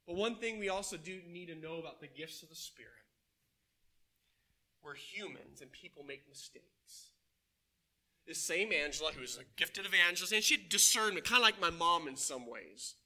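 A man preaching a sermon to his congregation, telling stories in an animated way and asking them questions. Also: on the high side, moderate pace. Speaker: pastor. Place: church.

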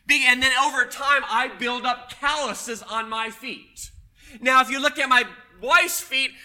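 A man preaching a sermon, telling a personal story with emphatic, loud punches. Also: very high-pitched. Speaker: pastor.

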